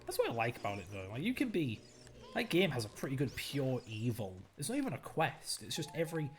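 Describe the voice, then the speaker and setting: A young man chatting casually while streaming a game, animated and jokey, ranting and mocking himself. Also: medium pitch, a little fast. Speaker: stand-in streamer. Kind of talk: casual gameplay stream chat.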